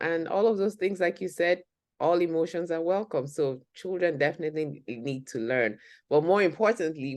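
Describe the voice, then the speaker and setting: A woman hosting an interview, warmly affirming her guest with short agreements and questions. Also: sits low, no room sound, clean studio sound. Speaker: host.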